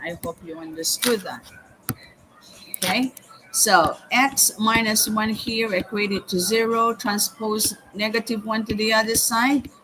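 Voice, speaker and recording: A woman teaching calculus step by step in a live lesson, often pausing with "okay" and "hang on". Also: mid-range voice, noisy background. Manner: slow, step-by-step explaining with frequent "okay" and "hang on". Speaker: math teacher.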